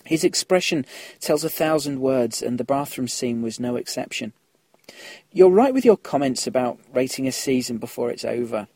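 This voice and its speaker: A man's voice: mid-range voice, animated, normal speed, a little mellow, no echo. A man hosting a casual podcast, chatting through listener emails and laughing at his own slips.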